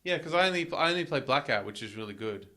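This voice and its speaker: Aussie guy rambling on a gaming podcast, lots of ums and likes, middle pitch. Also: lively intonation, fast talker, pushed and bright. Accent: Australian. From Australia. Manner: rambling, hesitant, with many fillers. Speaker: podcast co-host. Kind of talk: casual chat among friends.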